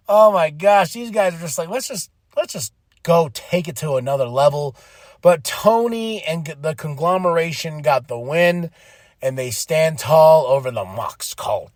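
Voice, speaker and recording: Brief: a fairly high-voiced male podcast host, excitable and rambling, with a dry, close sound. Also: dry recording. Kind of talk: casual recap chat.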